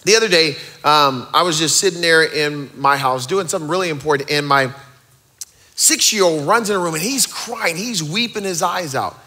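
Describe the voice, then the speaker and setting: A man in his thirties preaching a sermon as pastor, energetic and rallying the crowd with joking asides. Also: a little high, moderate pace.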